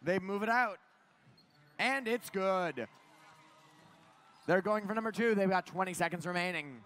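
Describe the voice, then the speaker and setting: A man giving live play-by-play commentary on a robotics competition, getting louder and higher at the big moments. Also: unhurried. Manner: excited play-by-play, climbs in pitch at big moments. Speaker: match commentator.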